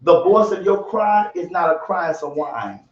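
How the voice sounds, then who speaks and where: A man preaches to a bible study group with a high, animated voice full of colloquial turns and mimicry. He sounds distant in an echoey church room, on a dull, muffled recording. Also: moderate pace.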